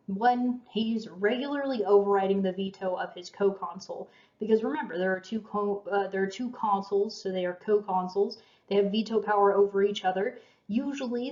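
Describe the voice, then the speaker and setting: A woman's voice: medium pitch, a little mellow. A woman lecturing on history in a chatty, self-deprecating way, with fillers and small laughs. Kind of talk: casual recorded lecture. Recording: roomy, dull lo-fi lecture recording.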